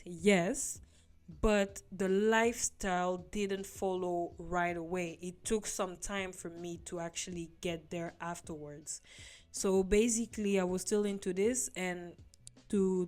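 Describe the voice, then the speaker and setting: A woman telling her personal faith testimony to viewers in an earnest, casual storytelling way. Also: medium pitch. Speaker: vlogger sharing her testimony. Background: soft background music.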